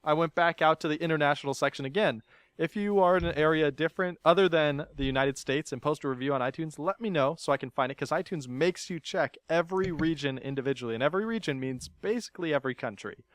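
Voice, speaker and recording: A man's voice: a little high, fast, dry recording, clean studio sound. A man hosting a casual podcast, playful and teasing, laughing often as he chats with his guest. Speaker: podcast host.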